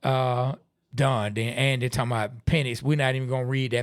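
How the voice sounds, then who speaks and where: A man co-hosting a casual live-stream podcast, reading out viewer comments with relaxed asides. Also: medium pitch, fairly quick, dry recording, clean studio sound. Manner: laid-back, reads viewer comments aloud with asides. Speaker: podcast co-host.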